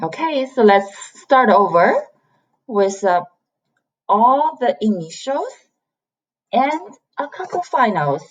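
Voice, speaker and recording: A woman's voice: a little high, big pitch swings, lo-fi sound. A woman from China, a native Chinese speaker, teaching an online Chinese lesson and patiently repeating each sound for learners. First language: Mandarin Chinese. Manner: slow, patient, demonstrates sounds by repeating them.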